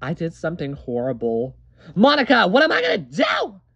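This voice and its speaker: Frantic young woman, performer-voiced, lively pitch, swearing, amateur cartoon drama. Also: brisk, dull audio. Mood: panicked. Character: frantic young woman who lost her engagement ring. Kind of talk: amateur animated drama voice acting.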